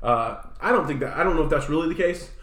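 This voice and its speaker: A man's voice: a little high, lively intonation, fast, a bit bright, echoey room. A man co-hosting a podcast, telling rambling stories in casual chat and laughing often. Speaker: podcast co-host.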